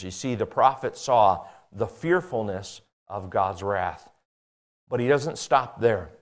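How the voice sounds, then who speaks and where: A man preaching a sermon, reading scripture aloud and speaking earnestly, swinging between emphatic high peaks and quiet low passages. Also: lively intonation, slow pace.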